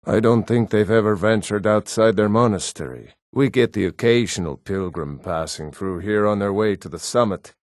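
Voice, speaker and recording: An actor playing a gruff, burly Nord townsman and warrior in a video game, shouting battle cries and making plain small talk. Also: lowish voice, normal speed, hardly any pauses, no echo, studio quality, natural voice. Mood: calm chat. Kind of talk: video game character voice lines.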